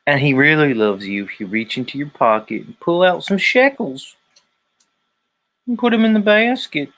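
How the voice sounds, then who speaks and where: A man voicing a Southern-accented male televangelist preacher who asks for tithes, in a slow, sugary, drawn-out parody of a sermon. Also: on the high side, animated, fairly bright tone, voice pushed up. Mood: syrupy preaching. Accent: American Southern.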